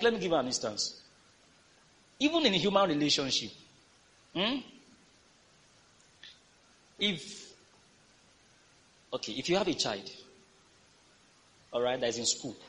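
A man's voice: fairly high pitch, unhurried, pauses often. A male pastor preaching a sermon in a church, reading scripture and calling on the congregation to respond. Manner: lively preaching with call-and-response.

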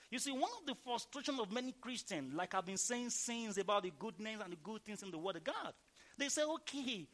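A male pastor preaching with a very high, animated voice that swoops up and down. His tone is bright and sharp, and he drives each point home emphatically. He reads scripture in a slow, drawn-out cadence and keeps calling on the congregation to answer him. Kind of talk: sermon.

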